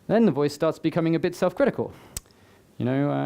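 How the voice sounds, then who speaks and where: A man's voice: fairly high pitch, expressive, a little fast, gravelly, mellow, clean tone. A man giving a motivational talk to a live audience, conversational, with joking asides to the crowd. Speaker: summit speaker. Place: live event before an audience.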